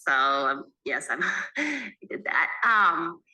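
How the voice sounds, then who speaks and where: A woman's voice: fairly low pitch, big pitch swings, slow pace, a crowd in the background, low-quality recording. A woman telling a story in casual conversation, laughing often as she talks. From Maine. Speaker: guest storyteller.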